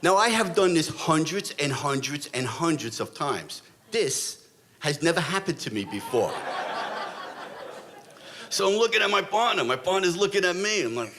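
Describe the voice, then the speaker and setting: Lively, animated storytelling man. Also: a little high, moderate pace, slight background noise. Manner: animated, dramatic, blunt street talk. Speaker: storyteller, former police officer. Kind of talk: live stage storytelling.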